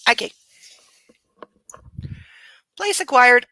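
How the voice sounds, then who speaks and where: A woman's voice: on the high side, animated, drawn-out words, bright, forceful tone, dry recording, rough recording. A woman at home reading a book aloud and adding sarcastic, swearing commentary. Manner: sarcastic, swears freely, talks to her dog.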